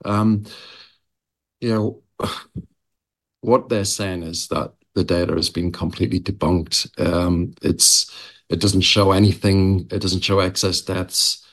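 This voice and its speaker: A man with a fairly low voice speaks as a guest on a broadcast interview. He talks earnestly and haltingly, pausing on fillers as he works through his points. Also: steady tone, a bit bright.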